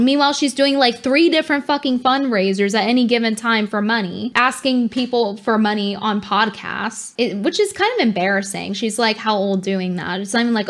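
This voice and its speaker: A woman's voice: fairly high pitch, expressive, normal speed, hardly any pauses. A young woman streamer giving sarcastic commentary, slipping into mocking impressions. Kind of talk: livestream commentary.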